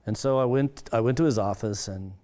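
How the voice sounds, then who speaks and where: An earnest man of middle pitch telling a personal testimony, stumbling and restarting as he searches for words. His voice lifts and livens whenever he acts out what someone else said. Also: warm tone. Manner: earnest, halting, with many restarts. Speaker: pastor.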